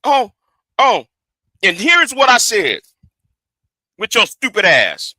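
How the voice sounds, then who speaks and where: This streamer's voice sits high and swings hugely in pitch, and he talks slowly with a sharp edge. He's angrily calling out a rival to his face with plenty of profanity, recorded dry and rough on his streaming rig.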